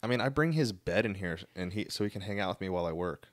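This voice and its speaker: A man's voice: sits low, animated, fast, no echo. A man co-hosting a podcast in casual chat, teasing and dry-humored, speaking into a podcast mic. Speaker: podcast co-host. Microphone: podcast microphone.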